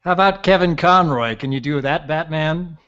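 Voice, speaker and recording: Chill podcast host guy, a bit high voice, lo-fi audio. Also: moderate pace. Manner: relaxed, reading out listener comments. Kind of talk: casual chat.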